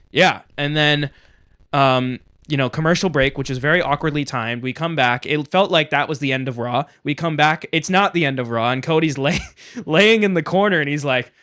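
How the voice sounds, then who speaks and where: Smooth-voiced man recapping with animated energy. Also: medium pitch. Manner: animated storyteller, quotes wrestlers in put-on voices. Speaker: podcast co-host. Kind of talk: casual chat recapping wrestling.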